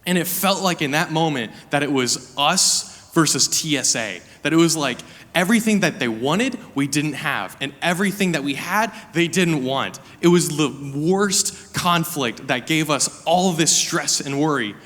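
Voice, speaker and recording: A young man giving a sermon as a guest preacher, telling a personal story in an animated, chatty way with lots of "like" fillers. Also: on the high side, normal speed, few pauses. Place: church sanctuary. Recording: reverberant hall.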